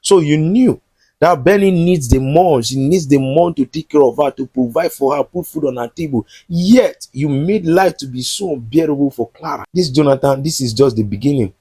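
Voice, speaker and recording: A man's voice: fairly high pitch, moderate pace, warm tone, husky, no echo. A man recapping a film and commenting on it, scolding the characters directly in an indignant tone. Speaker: movie reviewer.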